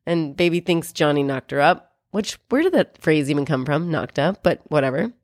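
A woman with a fairly low voice talks through a film recap in a loose, animated way, slipping into quoted lines and the odd swear word. Her voice is close and dry, with no room sound around it. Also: normal speed, no room sound. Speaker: podcast co-host. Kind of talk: casual movie recap chat.

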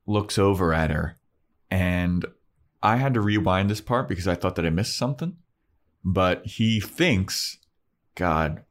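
Low-voiced man casually recapping. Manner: animated retelling, acting out characters' lines, swears and laughs. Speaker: podcast co-host. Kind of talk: casual chat recapping an episode.

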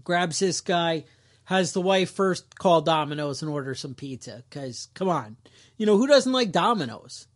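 A man's voice: fairly high pitch, lively intonation, normal speed. A man co-hosting a podcast, casually retelling a story with jokey asides and restarts. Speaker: podcast co-host. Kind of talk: casual chat.

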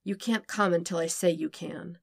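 A woman reading a podfic, voicing a dominant young man who murmurs softly and coaxingly. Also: steady tone, moderate pace, vocal fry, slightly rough, no echo, clean studio sound. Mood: teasing. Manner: soft, low, coaxing murmur.

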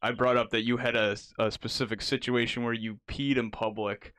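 Smooth-voiced laid-back male podcast host. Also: mid-range voice, level tone, fairly quick, fairly bright tone, dry recording. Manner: laid-back, laughs often. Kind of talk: casual podcast chat.

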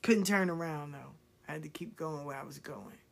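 A spiritual reader tells her life story on a live video in a low, creaky voice at a moderate pace. She laughs often, swears freely and repeats herself to hammer home an encouraging, preachy point.

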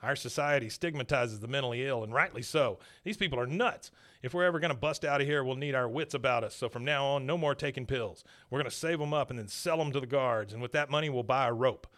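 Scheming paranoid man, read by a man, eager and loud. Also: mid-range voice, fast talker, natural voice.

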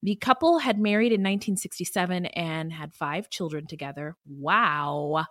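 A woman co-hosting a casual true-crime podcast, talking in an animated way and breaking into song and acted voices. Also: on the low side, a little fast, no room sound. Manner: animated, laughs often, bursts into singing and acted voices. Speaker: podcast co-host.

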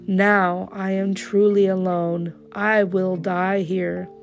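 A woman's voice: medium pitch, little pitch movement, takes it slowly, gravelly, faint music behind. A woman voicing a brave, earnest young immigrant man in a storybook reading. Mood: despairing. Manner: earnest, resolute.

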